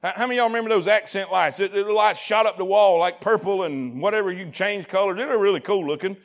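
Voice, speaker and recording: Man, pastor, sermon in a church, very high voice, animated, repeats and shouts lines. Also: fast. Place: church sanctuary.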